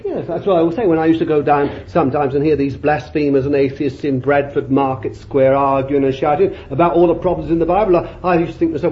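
Fervent preacher, high lively voice. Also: male voice, fairly quick. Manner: fervent, emphatic, reading scripture aloud. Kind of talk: sermon. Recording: dull lo-fi recording.

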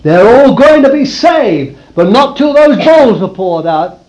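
A man preaching a sermon to a congregation in a room, swinging from loud declarations to hushed asides. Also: very high-pitched, big pitch swings, measured pace, highs cut off.

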